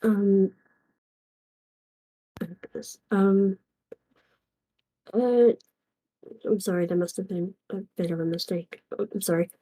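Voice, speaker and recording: A woman playing her character in a tabletop game, speaking hesitantly and apologetically with many pauses and fillers. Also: mid-range voice, level tone, dark tone, rough recording. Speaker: player voicing a tiefling character. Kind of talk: in-character tabletop role-play.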